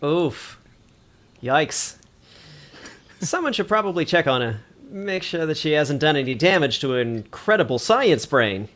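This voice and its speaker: A man's voice: on the high side, big pitch swings, unhurried, a bit bright. A man voicing a fussy, exasperated space doctor in a put-on Australian accent. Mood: scheming. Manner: pedantic and fussy. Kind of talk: tabletop actual-play role-play.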